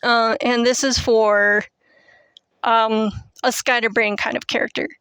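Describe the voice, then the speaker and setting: A woman's voice: on the high side, little pitch movement, unhurried, a bit bright, smooth, no room sound. Rambly young woman on a headset mic. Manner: rambling, filler-heavy, self-deprecating. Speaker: writing tips host. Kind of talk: casual teaching monologue.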